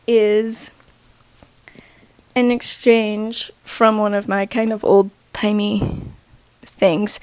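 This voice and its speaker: A young woman giving a loose, chatty rant-lecture on writing, rambling with lots of asides and now and then dropping to a soft half-whisper. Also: a little high, dry recording. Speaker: writing video creator.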